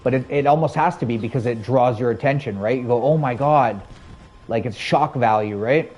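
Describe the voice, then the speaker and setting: A man's voice: medium pitch, moderate pace, a little mellow, dull audio. Rambling male game streamer. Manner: rambling, friendly, chatting with viewers between game reactions. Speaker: gaming streamer. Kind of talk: casual live-stream chat while gaming.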